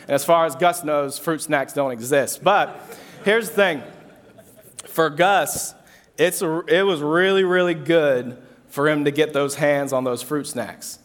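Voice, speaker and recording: A man's voice: on the high side, measured pace. A young man preaching a sermon to an audience, telling a story with casual asides and repeated phrases. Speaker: pastor. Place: hall with an audience. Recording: long hall reverb.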